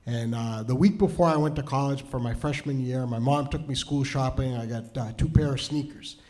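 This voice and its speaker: A man's voice: medium pitch, brisk, a little mellow. A middle-aged man from New Hampshire telling a rambling, self-deprecating comedy story on stage, full of restarts. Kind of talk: stand-up storytelling.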